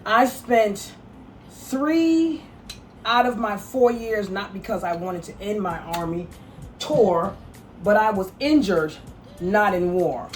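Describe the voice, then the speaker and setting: A woman's voice: medium pitch, expressive, slow, recorded from a distance, a little hiss or hum. A woman with a mix of Brooklyn and Southern accent, chatting casually on camera at home while showing her fashion pieces. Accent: mixed Brooklyn and Southern. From New York. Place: home kitchen.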